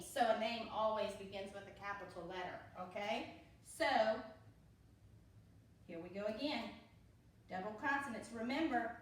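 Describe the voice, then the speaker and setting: Patient pre-K teacher in an echoey room. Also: female voice, high voice, a bit bright. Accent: Southern US. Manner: slow, patient, repeats with "okay?". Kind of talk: phonics lesson for young children. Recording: echoey room, voice a bit far from mic.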